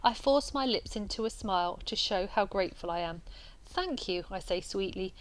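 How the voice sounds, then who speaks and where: A woman reading a novel aloud at a steady pace, with small slips and restarts now and then. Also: mid-range voice, fairly quick, rough recording. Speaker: reader.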